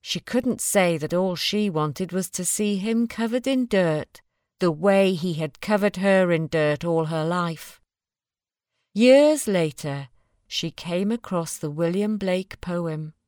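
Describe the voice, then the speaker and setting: A woman narrating a short story in a slow, measured reading. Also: fairly low pitch, a little mellow, no room sound, clean studio sound. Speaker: story reader. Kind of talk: scripted narration.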